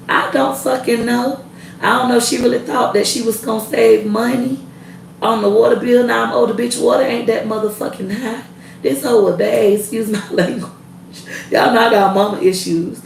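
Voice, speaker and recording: A woman's voice: medium pitch, vocal fry, reverberant, distant mic, slight background noise, low-quality recording. A woman in her thirties ranting to camera in a blunt, heated, profane way. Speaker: vlogger. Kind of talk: casual rant to camera.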